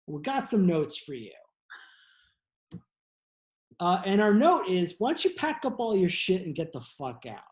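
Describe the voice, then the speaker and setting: Casting: man doing a sneering police heavy, loud tough-guy bark, echoey room. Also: high voice, big pitch swings, unhurried, pauses often. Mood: mocking. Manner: gruff mocking tough-guy talk. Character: blunt menacing male communist police officers.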